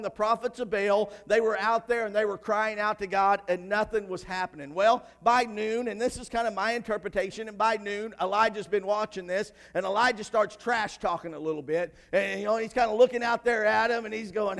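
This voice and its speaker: A man preaching a sermon in a church, moving from quiet reading of scripture to loud, shouted preaching. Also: high voice, steady tone, a little fast, hardly any pauses.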